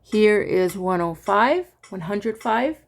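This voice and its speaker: A woman teaching a music braille lesson in a relaxed, casual way, hesitant with many fillers and laughing at her own slips, reciting note names and dot numbers to a metronome. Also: medium pitch, slow pace, gravelly. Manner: recites counts in time with a metronome.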